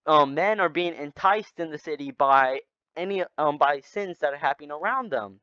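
A young man leading an informal Bible study, retelling stories in a rambling, animated way. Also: a little high, normal speed, clear, resonant tone, dry recording. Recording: slightly dull lo-fi sound.

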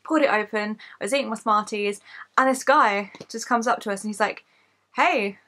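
A woman's voice: medium pitch, a little fast, sharp tone. A woman in her late twenties from Kent with an English accent, chatting to camera as a YouTuber and listing facts about herself, candid and self-mocking, swearing freely. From England, Kent.

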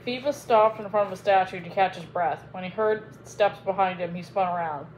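A woman reads a classic novel aloud for her channel, telling the story with expressive rises and falls. Her voice sits in a middle pitch, with a faint hiss of noise underneath. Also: normal speed, low-quality recording. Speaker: storyteller reading a book aloud.

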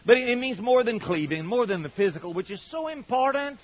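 Folksy, animated older man preaching. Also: very high-pitched, a little fast. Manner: folksy, humorous storytelling with acted-out quotes. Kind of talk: sermon. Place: church auditorium with congregation. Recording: dull lo-fi sermon recording.

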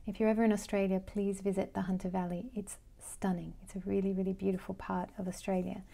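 A woman who works as a Vedic astrology life coach gives a loose, conversational lesson, thinking aloud as she goes through her notes. Her mid-range voice is dark and mellow with a gravelly vocal fry, stays fairly flat in pitch, and moves fast.

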